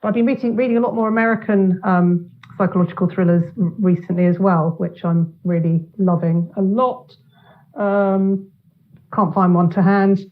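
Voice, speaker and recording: A woman's voice: mid-range voice, fairly even intonation, moderate pace. A woman author, chatting casually with lots of ums and restarts on a video call. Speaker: guest author. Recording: tinny phone-like line.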